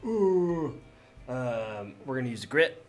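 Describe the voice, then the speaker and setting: Guy talking through a board game solo, mid pitch, faint music under it. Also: measured pace, a bit bright. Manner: chatty, reacts aloud to dice rolls. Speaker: solo game player and host. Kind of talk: casual solo tabletop game play with reading of cards.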